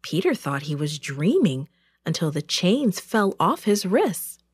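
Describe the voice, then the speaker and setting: A woman narrating a Bible story for a children's church program in an expressive, deliberate way. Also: on the low side, husky, dry recording, clean studio sound.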